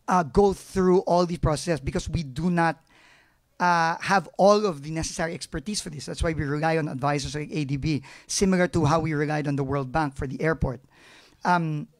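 A middle-aged man with a Filipino accent, a government agency head answering press questions frankly and emotionally, slipping into Tagalog phrases. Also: fairly high pitch. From Philippines.

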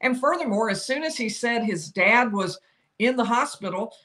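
A woman, older, giving solo legal commentary, explaining each side's arguments and quoting lawyers with animated emphasis. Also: fairly high pitch, moderate pace.

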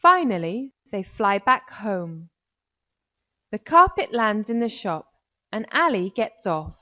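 Woman reading a kids story out really slow and clear. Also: medium pitch, big pitch swings, highs cut off. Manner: slow, clear, carefully paced. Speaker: narrator. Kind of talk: scripted narration for children.

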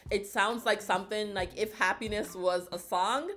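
A woman talks through a reaction video in a loose, playful way, excitable and quick to whoop and laugh. Her voice is bright and forward at a middling pitch. Music plays faintly behind her. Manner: chatty and playful. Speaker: reaction vlogger. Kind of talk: casual reaction commentary.

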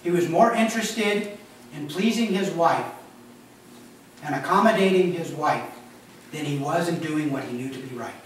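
Joking, conversational male pastor with a slightly high voice, preaching in a church, heard far from the mic in a very reverberant room. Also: moderate pace, pauses often, a little hiss or hum. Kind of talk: sermon. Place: church sanctuary. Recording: echoey church hall from a distance.

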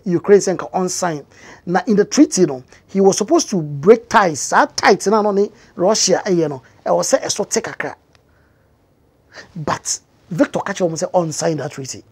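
A Ghanaian-accented woman talks through the news in a conversational way, leaning on fillers as she explains. Her voice is husky with a breathy edge and sits at a middle pitch. She lifts her voice now and then to stress a point. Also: a little mellow. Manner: conversational with many fillers, rising emphatic stretches. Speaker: news commentator. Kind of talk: explanatory commentary mixing English and Twi.

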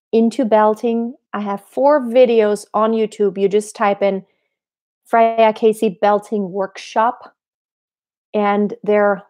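Her voice is medium-pitched and slightly mellow. She's a young adult singing teacher on a live stream with a computer mic, explaining technique, fielding viewer questions, demonstrating placements and posing rhetorical questions to herself.

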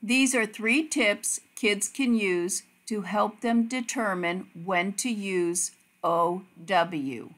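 A woman narrating a phonics lesson for teachers, speaking slowly and carefully as she walks through each word. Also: medium pitch, a bit bright. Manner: slow, careful, deliberate word-by-word delivery.

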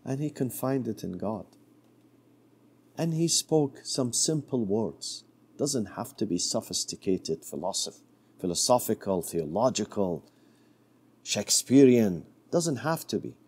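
Mellow-voiced male preacher telling a story. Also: lively intonation, a little slow, breathy edge. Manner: storytelling, dropping to a soft low voice for quoted words. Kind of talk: sermon.

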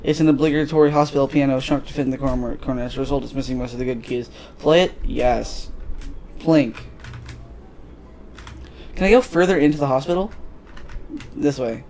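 A man's voice: mid-range voice, fairly quick, pauses often, darkish tone, slight background noise. A man giving casual, crude gameplay commentary, joking and swearing as he plays. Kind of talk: casual let's play commentary.

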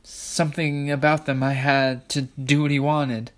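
A man's voice: medium pitch, flat delivery, measured pace, natural voice. A man voicing an earnest young girl, the story's heroine.

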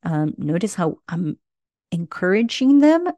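A woman's voice: lowish voice, very animated, measured pace, dark tone, no echo. A middle-aged woman hosting a parenting podcast, speaking earnestly and often checking in with "right?". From Latino family. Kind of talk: advice monologue.

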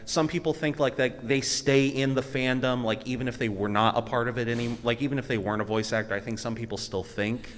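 A man's voice: medium pitch, fairly even intonation, quick pace, few pauses. Chatty man asking questions in a hall. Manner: chatty, fills with "like". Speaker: panel questioner. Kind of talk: casual questions at a convention panel. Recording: echoey hall.

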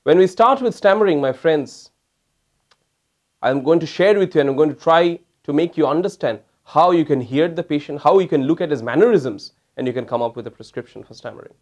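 A man with a fairly high voice lectures as a homeopathic doctor. He talks to his listeners as "my friends" and explains his points with demonstrations. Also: fairly quick, darkish tone, dull audio. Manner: addresses listeners as "my friends", mimics stammering patients to demonstrate. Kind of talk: recorded lecture.

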